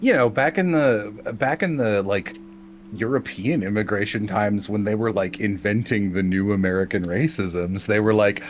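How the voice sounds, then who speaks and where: A man's voice: lowish voice, moderate pace, slight background noise. A man co-hosting a stream, telling stories in casual chat and laughing often. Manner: animated storytelling, laughs often. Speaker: streamer and podcast co-host.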